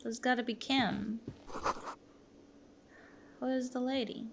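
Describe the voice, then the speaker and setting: A woman's voice: on the high side, fairly even intonation, slow, gravelly, background noise. A woman streamer playfully joking through casual game commentary.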